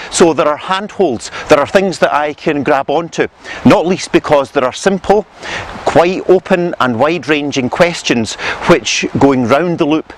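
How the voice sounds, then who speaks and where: A man teaching theological reflection to camera outdoors in a measured, earnest, gently pastoral manner. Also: mid-range voice, a little hiss or hum. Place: outdoors on a rural path and hillside.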